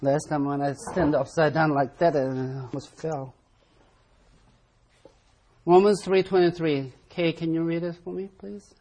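Husky-voiced emphatic Bible class teacher. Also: medium pitch, fairly even intonation, measured pace, long pauses, warm tone. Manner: emphatic, repeats key words and verse references; calls on class members to read aloud. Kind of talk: interactive Bible study teaching.

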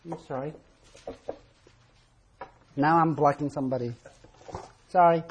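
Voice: mid-range voice, steady tone, a little slow, a little hiss or hum. A Bible study teacher leading an interactive class, calling on members to read verses aloud and stressing key words with emphatic repetition.

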